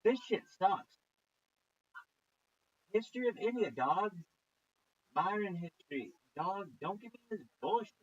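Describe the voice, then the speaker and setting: A man streaming as he reacts to videos, swearing constantly and mocking what he watches, with loud outbursts. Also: high-pitched, animated, a little slow, long pauses, breathy edge, highs cut off. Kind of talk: profane reaction rant.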